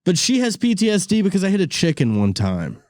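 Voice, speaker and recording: A young man hosting a podcast, telling stories in a casual, animated way with lots of laughter and sudden high-pitched bits. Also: fairly quick, no room sound, studio quality. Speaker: podcast host. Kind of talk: casual storytelling chat.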